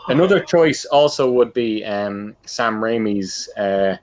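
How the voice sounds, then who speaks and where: A man's voice: fairly low pitch, animated, slow pace, darkish tone. A man co-hosting a casual podcast chat, laid-back and teasing. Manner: teasing, laid-back, tells others to relax. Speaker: podcast co-host.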